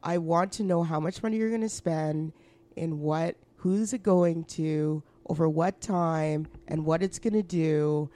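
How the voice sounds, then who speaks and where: A woman's voice: deep voice, fairly even intonation, unhurried, dark tone. A woman co-hosting a podcast, blunt in casual chat, swearing often and laughing a lot. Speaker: podcast co-host.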